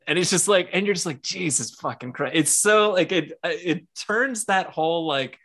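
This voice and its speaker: Excitable bright-toned guy, podcast co-host, acts out quotes and swears freely. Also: high voice, moderate pace. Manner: excited, heavy swearing, acts out characters' lines. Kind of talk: casual comic book discussion.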